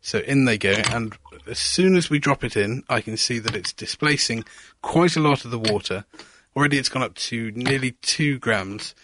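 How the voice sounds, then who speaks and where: A man's voice: mid-range voice, normal speed, background noise. A man presenting a radio science segment, asking curious questions and narrating each step of an experiment. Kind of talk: hands-on science demonstration chat.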